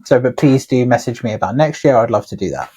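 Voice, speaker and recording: A man's voice: mid-range voice, lively intonation, quick pace, dark tone, breathy edge. A man, a tattooer co-hosting a podcast, telling long rambling anecdotes in casual chat with plenty of swearing.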